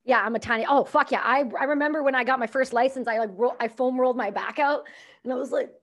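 A high-pitched woman hosts a casual podcast chat. She talks bluntly and enthusiastically, swearing freely as she goes. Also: fast, a bit bright.

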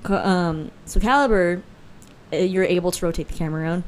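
With a lowish voice and a slightly fast pace, a young podcast co-host chats casually, telling stories with lots of laughter and acted-out voices. A little hiss or hum can be heard.

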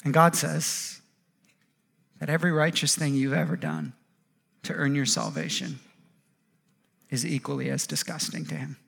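A man in his thirties preaching a sermon, animated, acting out quoted voices and often repeating words as he goes. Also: on the high side, normal speed, gravelly, pauses often. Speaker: pastor.

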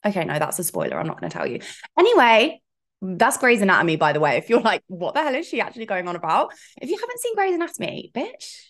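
Medium in pitch but with huge pitch swings, this woman talks fast with a bit of brightness. She's a fitness coach hosting a solo coaching podcast, frank and chatty, prone to asides and playful swearing, in a casual style.

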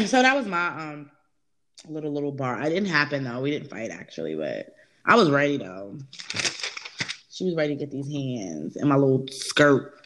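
A woman's voice: deep voice, unhurried, long pauses. A young woman with a New York accent, chatting and telling stories as a podcast co-host, acting out quotes and swearing freely. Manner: animated storyteller, acts out quotes, swears freely. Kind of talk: casual chat.

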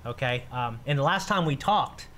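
With a mid-range voice at a moderate pace, this man in his thirties co-hosts a casual podcast, trading stories in group chat over a faint hiss or hum. His delivery is animated, full of laughs, restarts, and repetition.

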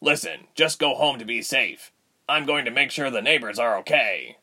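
A man voicing a young male inventor in a storybook reading, casual and lively. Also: mid-range voice, normal speed, pitched above the performer's own voice. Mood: urgent. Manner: casual, then tense and urgent.

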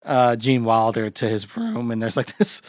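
A man's voice: medium pitch, big pitch swings, normal speed, dry recording, studio quality. A man hosting a casual podcast chat about a film, rambling and laughing often. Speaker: podcast host.

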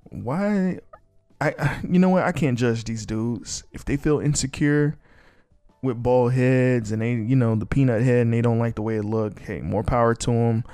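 A man's voice: medium pitch, moderate pace, warm tone, smooth, no room sound, soft background music. A man hosting a podcast on his own, ranting bluntly and casually with plenty of swearing. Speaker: podcast host. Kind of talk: casual solo commentary.

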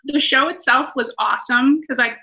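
A woman's voice: sits high, moderate pace, gravelly, low-quality recording. A woman in her thirties, a stand-up comedian, telling stories in a casual interview with lots of laughter. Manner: animated, laughing storyteller.

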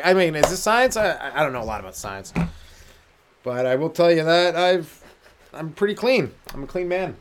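Young male comic, solo podcast rant, loose and crude, chuckles at his own bits, voice sits a bit high. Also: animated, normal speed, a little hiss or hum. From Canada. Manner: rambling, jokey, crude, laughs at own jokes. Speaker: stand-up comedian podcast host.

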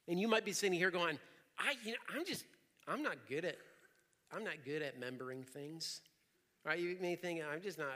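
A young adult man preaching in a lively, conversational style, often repeating himself. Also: a little high. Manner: energetic, conversational preaching with repetitions. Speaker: pastor. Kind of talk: sermon. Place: church hall. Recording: reverberant hall.

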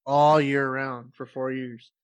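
A young man from California, a podcast guest telling stories in animated casual chat. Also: mid-range voice, takes it slowly, clear, resonant tone, no echo, muffled recording.

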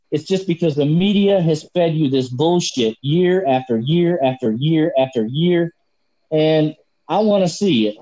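A man's voice: medium pitch, dark tone, lo-fi sound. Man ranting with passion and profanity. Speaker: podcast co-host. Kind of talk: heated sports debate.

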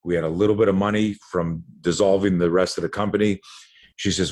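A man's voice: low-pitched, fairly even intonation, brisk, a little mellow. A man in his sixties from Canada, a podcast guest who tells stories with energy, acts out other people's lines and often repeats words mid-sentence. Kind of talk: animated storytelling.

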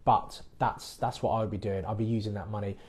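Man talking casually, mellow voice. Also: lowish voice, fairly even intonation, brisk. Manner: conversational, restarts phrases, frank advice. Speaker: mortgage podcast host. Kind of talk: casual advice chat.

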